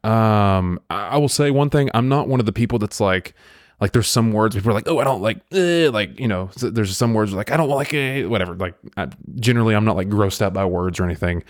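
A man from the American South hosting a podcast, talking in a rambling, animated way with lots of restarts. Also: fairly low pitch, brisk, dry recording, studio quality. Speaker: podcast host. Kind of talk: casual podcast chat.

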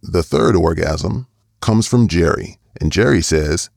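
A man hosting a podcast, reading a scripted introduction in a relaxed, matter-of-fact way. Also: low-pitched, unhurried, gravelly, no echo, clean studio sound. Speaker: podcast host.

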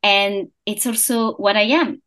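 A young woman whose first language is French talks through an interview at an unhurried pace. She hesitates often, restarting phrases and filling gaps. Her pitch sits in a middle range. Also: fairly even intonation, fairly bright tone. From France. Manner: hesitant, many fillers and restarts. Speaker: podcast founder, guest. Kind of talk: casual interview chat.

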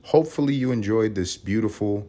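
A man from Puerto Rico hosting a casual podcast monologue with a gravelly vocal fry, rambling and profane, jumping from loud outbursts to low mutters. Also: a little fast. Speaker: podcast host.

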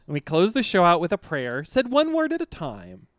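Very animated man segment announcer. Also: sits high, moderate pace, no echo. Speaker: podcast co-host running segments. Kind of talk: casual comedic chat.

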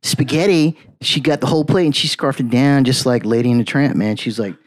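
A man's voice: mid-range voice, fairly quick. A man, a podcast guest, chatting casually and telling long stories, often adding "man" and "you know". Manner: rambling storyteller, peppers talk with "man" and "you know".

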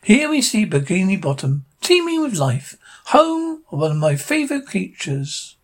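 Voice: mid-range voice, very animated, normal speed. A fan reader voicing a theatrical male nature narrator who gushes over sea life, in a cartoon retelling. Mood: swooning. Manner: swooning, theatrical.

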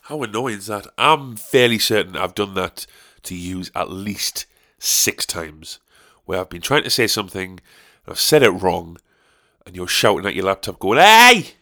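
A man's voice: sits low, moderate pace, pushed and bright. A man hosting a podcast, ranting alone in a profane, sarcastic way. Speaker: podcast host. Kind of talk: solo podcast rant.

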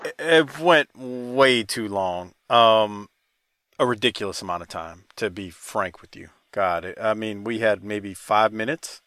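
A man's voice: lowish voice, a little slow, fairly bright tone, no room sound. A man hosting a casual podcast, laughing often and talking loosely. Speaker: podcast host.

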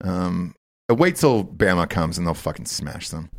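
A man's voice: low voice, animated, normal speed, creaky. A young man hosting a casual sports betting podcast, talking loosely, joking and swearing often. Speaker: podcast host.

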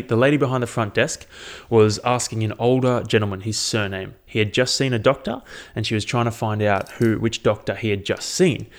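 A young Australian man hosting a solo podcast, telling rambling stories and swearing constantly. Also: on the low side. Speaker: podcast host. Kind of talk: casual solo podcast monologue.

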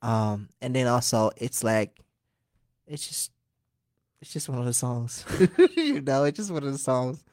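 A man in his twenties from Liberia, a singer talking as a guest in a casual interview, animated and earnest, laughing often. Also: medium pitch, measured pace, no echo, studio quality. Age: 20s.

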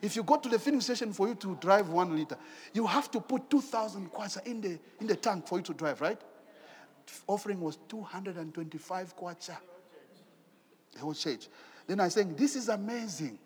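A man preaching a sermon in an animated way, asking rhetorical questions and repeating his phrases. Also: high voice, fairly quick, in a large hall.

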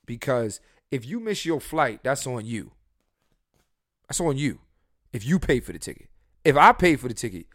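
A man hosting a podcast, telling his dating stories in a casual, profane way and swinging between loud and soft. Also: mid-range voice, no room sound, studio quality. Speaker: podcast host. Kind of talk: casual storytelling chat.

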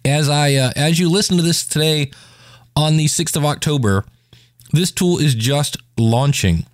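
A man's voice: on the high side, unhurried, no echo, studio quality. A man hosting his own podcast, reviewing a web tool in a chatty, informal way with jokey asides. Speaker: podcast host. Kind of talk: casual solo podcast review.

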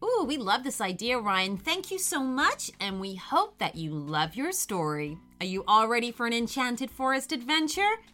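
A woman's voice: on the high side, very animated, normal speed, hardly any pauses, bright, forceful tone, faint music behind. A woman hosting a children's podcast, cheerfully reading a story aloud to young listeners.

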